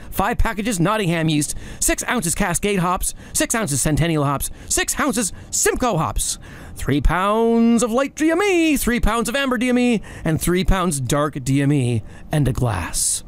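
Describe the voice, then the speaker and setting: Infomercial announcer man, as a man puts him on, high voice, lively swoops, brisk pitch. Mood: salesy. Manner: brisk sales-pitch listing. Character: hyped male infomercial announcer.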